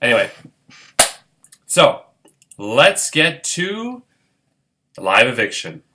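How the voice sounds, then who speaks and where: A man's voice: medium pitch, big pitch swings, takes it slowly, pushed and bright. A man hosting a homemade game show in a goofy, irreverent way with playful asides. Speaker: host.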